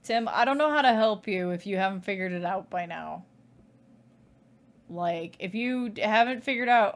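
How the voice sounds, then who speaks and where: A woman's voice: mid-range voice, normal speed. Sarcastic woman streamer. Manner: sarcastic, swears casually, thinks aloud. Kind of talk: let's play commentary.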